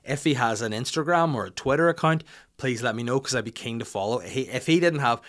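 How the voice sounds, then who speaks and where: A middle-aged man, hosting a podcast and telling comic stories in an animated, sweary way. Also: medium pitch, fairly quick. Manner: animated, acts out the people in his stories, swears. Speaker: podcast host. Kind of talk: comic storytelling rant. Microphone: studio mic.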